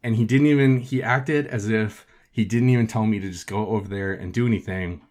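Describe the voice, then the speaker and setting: A man's voice: on the low side, fairly quick, a little mellow. Profane, rambling male podcast host. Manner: profane, filler-heavy with frequent "like". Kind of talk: casual storytelling.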